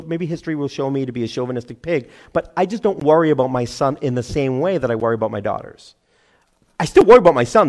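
Animated middle-aged man preaching. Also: mid-range voice. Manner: animated, acts out crowd voices, laughs at himself. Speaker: pastor. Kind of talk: sermon.

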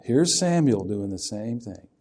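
A man's voice: fairly low pitch, sing-song, a little slow, darkish tone. A man preaching a sermon in a folksy, conversational way, often asking his listeners questions.

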